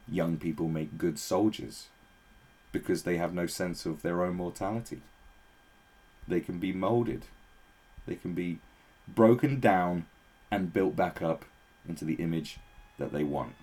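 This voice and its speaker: A man's voice: low-pitched, darkish tone, slightly rough. A man giving a blunt, profane, sarcastic rant as a political commentator. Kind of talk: ranting opinion commentary.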